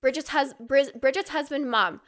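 Podcast guest: a woman from Utah with a slightly high voice, telling gossip in casual chat and playing out every quoted line. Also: moderate pace, fairly bright tone.

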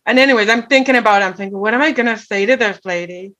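Bright, earnest middle-aged woman storyteller. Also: medium pitch, racing. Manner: earnest, often asks "right?". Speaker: guest. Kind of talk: personal storytelling.

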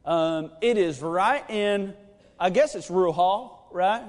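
High-voiced preacher in a reverberant hall. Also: male voice, a little slow. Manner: chatty and joking, many fillers. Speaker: pastor. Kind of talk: sermon with personal storytelling. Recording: long reverb of a church hall.

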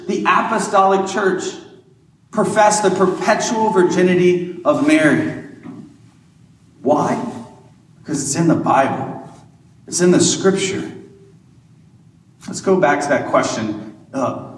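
A Catholic priest giving a homily in a conversational preaching style, asking rhetorical questions. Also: male voice, fairly high pitch, slight background noise. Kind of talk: sermon. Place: large church. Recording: echoey church hall, mic far off.

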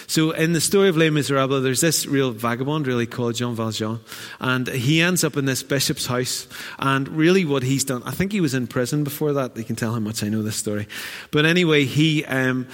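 A man preaching a sermon as pastor, animated and acting out the voices he quotes. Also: medium pitch. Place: church hall. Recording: church hall with long reverb.

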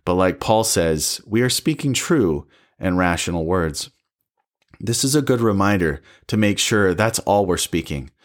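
A man with a fairly low voice gives a devotional Bible teaching. He speaks in a calm, earnest and measured way as he works through scripture passages. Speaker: preacher.

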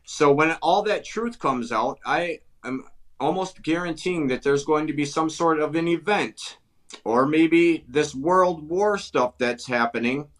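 Unhurried and fairly high-pitched, a male guest on a talk show talks with intense emphasis in an Upper Midwest accent; he comes from Wisconsin. He keeps repeating himself and starting phrases over.

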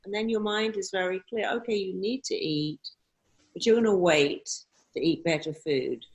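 A woman's voice: deep voice, creaky, a little mellow. A woman answering interview questions in an emphatic way, often acting out quoted self-talk. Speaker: guest speaker on mindset.

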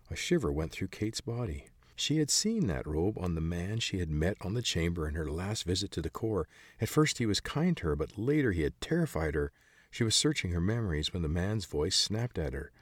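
Male narrator, very low voice, dry close sound, measured fantasy storytelling. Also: sing-song, slightly rough, no room sound. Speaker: audiobook narrator.

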